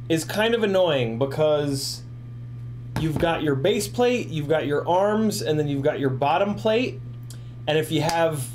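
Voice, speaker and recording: Tipsy, rambling forties man hosting a casual stream; slightly raised pitch, light background hum. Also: darkish tone. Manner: rambling, profane, ranting, laughs often. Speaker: FPV drone livestream host. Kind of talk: casual livestream chat.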